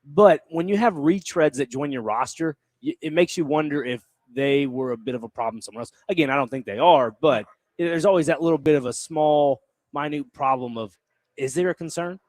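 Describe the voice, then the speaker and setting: A man's voice: a little high, a little fast, a little mellow, no echo. A man co-hosting a live sports radio show from a hotel, talking in an easygoing, agreeable way with careful opinions. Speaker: radio co-host. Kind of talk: casual sports talk. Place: live remote broadcast from a hotel.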